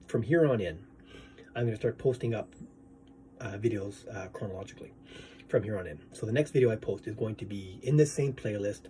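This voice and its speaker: A man's voice: on the low side, mellow, a little hiss or hum. A man vlogging in a casual, rambling monologue, swearing freely and asking "right?" as he goes.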